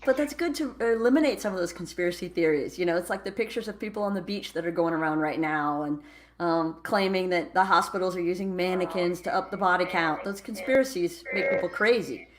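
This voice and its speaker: A woman hosting a live podcast interview through a headset, upbeat and asking quick questions. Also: on the low side. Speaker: podcast host.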